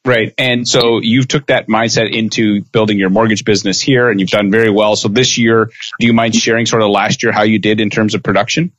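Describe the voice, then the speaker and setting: A man hosting an interview podcast, talking in an energetic, casual way. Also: on the low side, brisk, hardly any pauses, no room sound, dull audio. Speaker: podcast host.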